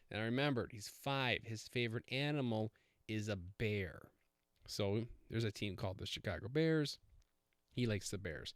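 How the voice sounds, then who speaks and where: A man's voice: fairly low pitch, moderate pace, no room sound, clean studio sound. A man hosting a casual solo podcast, rambling with many fillers and self-corrections. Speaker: podcast host.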